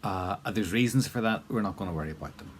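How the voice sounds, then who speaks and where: A man's voice: sits low, fast talker, slight background noise. A man teaching a spoken language lesson in a casual, encouraging way, with plenty of fillers and repeated drill prompts.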